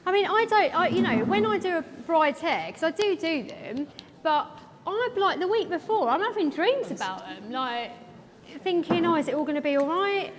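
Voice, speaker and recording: High-voiced chatty hairdresser. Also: female voice, sing-song, normal speed. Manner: chatty, rambling, lots of fillers. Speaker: hairdresser educator. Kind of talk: live hair demonstration with chat. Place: large event hall. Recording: echoey hall with faint background noise.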